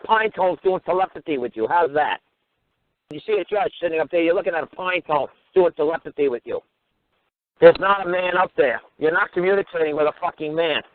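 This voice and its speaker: A man's voice: a little high, fairly quick, a little hiss or hum. A man hosting a radio talk show, ranting with crude, mocking, swear-filled talk. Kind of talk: profane ranting monologue. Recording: tinny phone-line radio audio.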